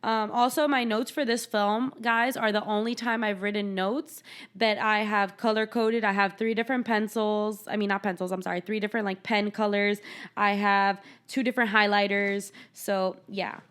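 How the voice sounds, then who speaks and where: A woman's voice: mid-range voice, flat delivery, normal speed, fairly bright tone, smooth. A young woman hosting a podcast, recapping a film in casual chat, sarcastic and swearing freely as she retells scenes. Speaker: podcast host.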